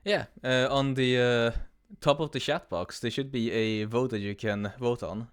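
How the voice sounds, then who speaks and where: A man's voice: medium pitch, steady tone, unhurried, clean tone. A man streaming a game live, chatting with viewers, laughing often and reading the game text aloud.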